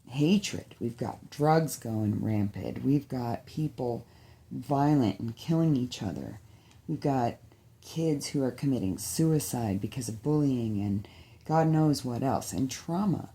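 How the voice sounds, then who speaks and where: A woman's voice: extremely low pitch, mellow. A woman talking straight to her viewers in a personal vlog, heartfelt and pleading, with a rising emotion near tears. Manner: heartfelt, pleading, repetitive exhortations. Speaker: vlogger.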